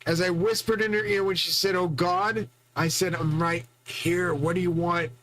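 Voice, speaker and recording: A man with a fairly high voice talks on his own in a long, rambling monologue. He is boastful and profane, and he stumbles through restarts as he goes. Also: steady tone, moderate pace, fairly bright tone, slight background noise, low-quality recording. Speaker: channel host.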